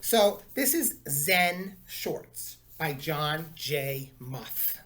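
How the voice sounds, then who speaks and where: Male teacher, picture-book read-aloud, animated storyteller, expressive range. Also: on the high side, drawn-out words.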